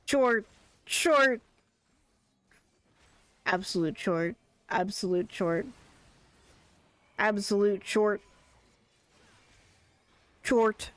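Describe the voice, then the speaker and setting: This is a streamer chatting through a gameplay session in a loose, rambling way. The voice jumps into excited chants whenever a favourite character shows up. It sits at a middling pitch, recorded close and dry with no room sound. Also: drawn-out words, pauses often, no room sound. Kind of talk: casual gameplay commentary.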